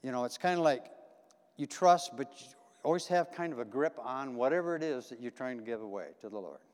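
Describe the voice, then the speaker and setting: A man's voice: mid-range voice, lively intonation, fairly quick, darkish tone. A man preaching a conversational sermon in a church, folksy and repetitive, asking the congregation questions. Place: church sanctuary. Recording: long hall reverb.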